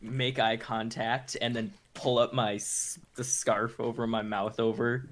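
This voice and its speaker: Give me a laid-back, deadpan male player who speaks slowly. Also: mid-range voice. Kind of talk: casual tabletop game chat.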